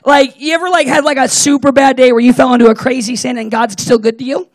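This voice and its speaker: A man preaching a casual, jokey sermon to a church, acting out Bible characters with lively asides. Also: very high-pitched, quick pace, no echo.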